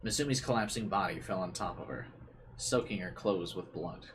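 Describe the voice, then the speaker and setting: Low-voiced young man reading a visual novel. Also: normal speed, background noise. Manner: casual, joking asides between dramatic reading. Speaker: let's play streamer.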